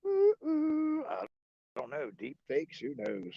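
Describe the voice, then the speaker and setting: A man with a slightly high, very animated voice chats on a livestream. He jokes, swears and laughs a lot. The audio is dry and dull, like low-grade stream sound. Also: slow pace, gravelly, no room sound. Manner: joking, profane, laughs often. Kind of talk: casual political chat.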